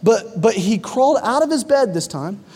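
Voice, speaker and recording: A fairly high-voiced man preaches to a congregation, swinging from hushed, low asides to loud, excited bursts as he tells his stories. His voice rings out with a long reverb from a big church hall. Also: moderate pace, slightly rough. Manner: animated storytelling, rising loud when excited, dropping low for emphasis. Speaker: pastor. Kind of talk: sermon.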